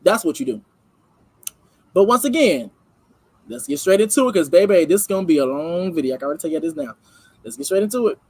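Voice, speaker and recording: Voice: medium pitch, expressive, quick pace, creaky, long pauses, a little mellow, husky. An emphatic host talks through a reaction video in a loose, slangy way and keeps turning to the viewers with asides. The sound is dry and close, with no room echo. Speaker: commentary channel host. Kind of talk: casual reaction commentary.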